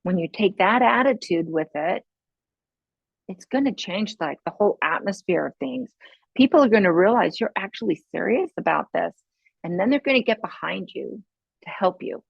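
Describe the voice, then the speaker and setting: Middle-aged lady podcaster, husky voice, chatty, laughs a lot, dry dull audio. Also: medium pitch, animated, normal speed, no echo. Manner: chatty, laughs often, acts out little scenes. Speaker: podcast host. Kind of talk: casual advice talk.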